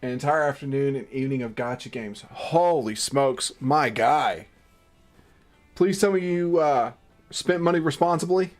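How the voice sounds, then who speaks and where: Profane joking gaming streamer, faint music. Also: male voice, medium pitch, unhurried. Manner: profane, self-mocking banter, exasperated outbursts. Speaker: livestream gaming host. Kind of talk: reading game text aloud with live commentary.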